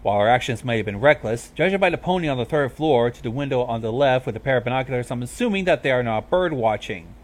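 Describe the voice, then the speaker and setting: A man's voice: medium pitch, animated, fast, few pauses, lightly acted. A man voicing a regal, stern night princess mare who speaks formally and commandingly.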